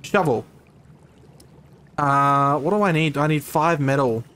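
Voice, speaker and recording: A man's voice: a little high, takes it slowly, fairly bright tone, clean tone. An Australian man giving casual, self-mocking commentary as he plays a survival video game for his channel. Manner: chatty and self-mocking, with frequent ums and laughs. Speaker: gaming YouTuber. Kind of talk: casual let's-play commentary.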